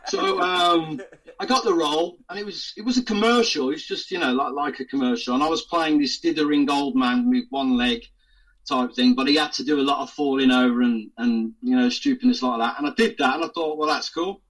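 A man's voice: fairly high pitch, fairly quick, low-quality recording. A man, an actor and podcast guest, telling anecdotes with laughs and put-on voices. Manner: lively, laughs often, does voices in anecdotes. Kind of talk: casual storytelling interview.

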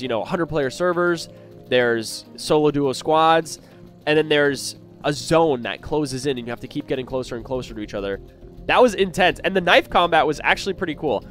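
A young man giving excited gameplay commentary as a gaming YouTuber, swinging between hushed muttering and loud outbursts. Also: a little high.

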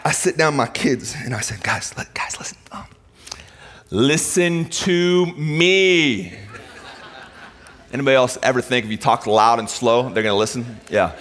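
Male pastor, middle-aged, sermon delivery, moves from loud emphasis to hushed asides, mid-pitched voice. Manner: dynamic preaching, swings between loud emphatic and quiet intimate.

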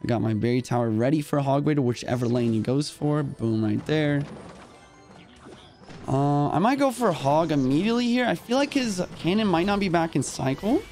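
A young man streaming a mobile game, calling out each move in quick play-by-play while a little short on sleep. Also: a little high, lively intonation, a little mellow, faint music behind. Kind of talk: live gameplay commentary.

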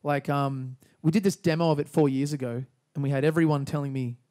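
A young man with an Australian accent, a musician guest talking in a relaxed, rambling way with lots of fillers. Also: fairly high pitch, a little fast. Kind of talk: casual interview chat.

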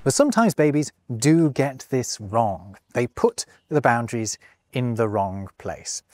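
A man narrates a scripted explainer with plenty of enthusiasm, his pitch rising and falling in a lively way. The recording is close and dry, with no room sound. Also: a little slow, no room sound. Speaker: host.

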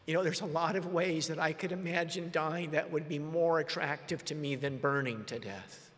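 A middle-aged man preaching a sermon story, talking with strong emotion that swings from quiet to loud. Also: on the high side, moderate pace, few pauses. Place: large meeting hall. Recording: long hall reverb.

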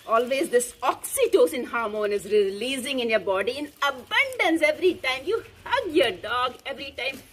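A woman's voice: high voice, expressive, moderate pace, hardly any pauses, fairly bright tone, slight background noise. A middle-aged woman chatting fondly in a casual home video, outdoors at home, filmed on a phone held by her daughter. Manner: fond, chatty, coos to the dog. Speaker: dog owner and mother. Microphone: phone camera held by her daughter.

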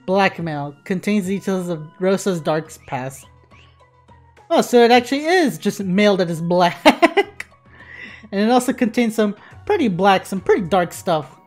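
A woman playing a video game, giving casual commentary in an excitable way, swearing freely. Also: medium pitch, a little slow, soft background music. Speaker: let's play gamer.

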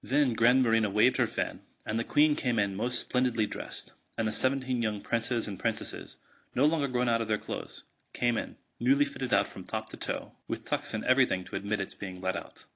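Low, husky male storybook narrator. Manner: measured, steady reading. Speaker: audiobook narrator. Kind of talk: storybook reading.

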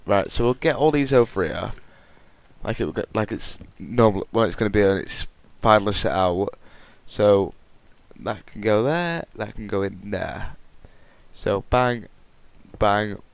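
Male gamer, low and unhurried, muttering and self-correcting, dry close mic. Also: lively intonation, vocal fry, no room sound. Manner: rambling, self-correcting, talks to himself while building. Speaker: Minecraft let's play host. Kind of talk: casual gameplay commentary.

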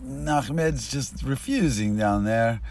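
A man telling a rambling joke outdoors on a street, losing his thread and swinging between mutters and bursts of loudness, recorded binaurally. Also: mid-range voice, takes it slowly, gravelly. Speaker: street storyteller.

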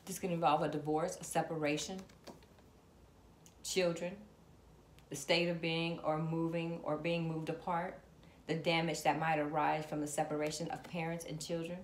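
Talking straight to her viewers while she calls on spirit, a tarot reader offers a casual reading to camera in a low, flat voice at a moderate pace. Background noise and echo come from the room she's in.

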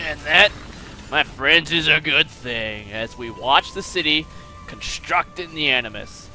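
Bright, joking man narrating gameplay. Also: fairly high pitch, lively intonation, takes it slowly. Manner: crude, joking, swearing. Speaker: gaming channel host. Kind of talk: casual gameplay commentary. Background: faint game music.

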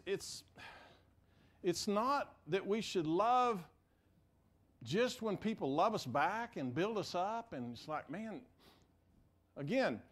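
Animated higher-voiced male preacher. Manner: animated storytelling, repeats words and restarts. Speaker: pastor. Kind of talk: sermon. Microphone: mic for preaching.

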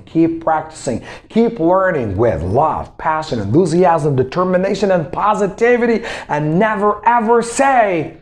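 A man giving an English lesson. His pitch swings widely as he explains, cheering learners on and repeating each word several times so they can practise it. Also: creaky. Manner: animated, motivational, repeats words for drilling. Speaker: English teacher and self-improvement coach.

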